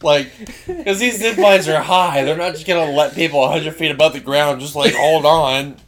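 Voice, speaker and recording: A man's voice: on the high side, normal speed. A young man in casual chat, talking in a laid-back, matter-of-fact way.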